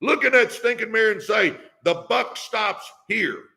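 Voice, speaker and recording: A man's voice: high voice, expressive, unhurried, gravelly, pushed and bright. An older man hosting a motivational talk, fired up and preachy, repeating catchphrases and urging listeners on. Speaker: podcast host. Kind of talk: motivational live-stream talk.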